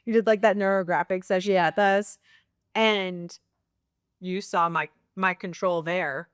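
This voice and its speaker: Low, smooth-voiced woman sharing reflectively. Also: steady tone, a little slow, dry recording, clean studio sound. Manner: reflective, open, many fillers. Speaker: guest, nurse practitioner. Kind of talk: casual conversational interview.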